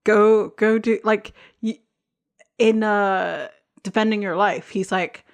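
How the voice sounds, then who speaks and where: A young woman co-hosts a podcast in relaxed, casual conversation. She agrees readily with short replies and laughs often, with a voice of ordinary pitch. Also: takes it slowly. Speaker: podcast co-host. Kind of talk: casual chat.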